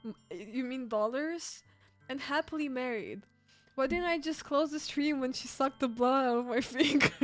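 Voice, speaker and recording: A woman's voice: sits high, moderate pace, soft background music. A woman streamer reacting to a game and pleading with her chat, often laughing and exasperated. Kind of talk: live game commentary.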